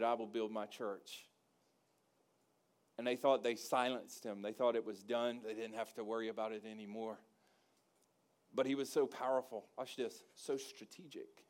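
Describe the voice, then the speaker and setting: A male pastor preaching a sermon, folksy and joking, calling for responses from the congregation. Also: medium pitch. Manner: rising to loud emphatic preaching with call-and-response.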